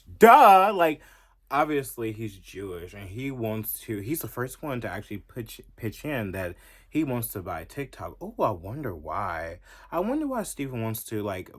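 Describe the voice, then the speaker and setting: A man giving a heated, profane, emphatic reaction commentary as a vlogger. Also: fairly low pitch.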